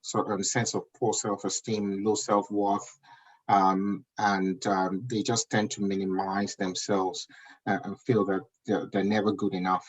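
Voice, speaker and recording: On a dull lo-fi recording, a Nigerian-accented guest speaker in his thirties talks unhurriedly in a lowish, slightly rough, flat voice. His motivational message is emphatic, and he keeps asking listeners "do you understand?"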